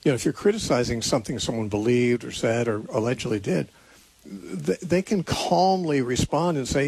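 Husky-voiced man hosting a call-in show. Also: medium pitch, normal speed, darkish tone, no room sound. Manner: earnest, thinking aloud with frequent restarts. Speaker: radio call-in host answering Bible questions. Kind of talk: unscripted call-in radio teaching.

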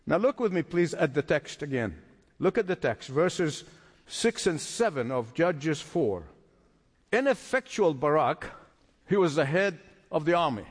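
Animated high-voiced male preacher. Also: unhurried, big-room sound. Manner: emphatic, repeats phrases for stress. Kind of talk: sermon.

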